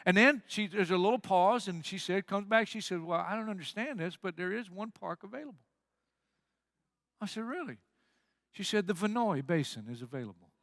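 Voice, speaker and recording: Animated, high-voiced preaching pastor. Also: male voice, moderate pace, gravelly, no echo, studio quality. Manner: animated storytelling, acts out quotes. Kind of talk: sermon.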